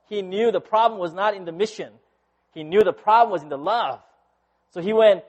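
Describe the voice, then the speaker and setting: High-voiced male pastor preaching conversationally. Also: brisk. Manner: conversational preaching with frequent "right?" asides; swings from loud animated storytelling to hushed intensity. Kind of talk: sermon.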